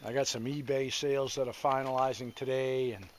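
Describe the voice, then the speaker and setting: A man with a mid-range voice speaks briskly in a level tone, with slight background noise. He's a homesteader hosting an off-grid vlog from the woods, chatting in a folksy, casual way and peppering his talk with country sayings.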